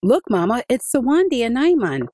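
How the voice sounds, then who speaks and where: A woman puts on a small, excited village boy from a storybook, his voice high and bouncing with eagerness. The sound is breathy and dry, close to the mic. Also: moderate pace, no room sound. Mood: eager.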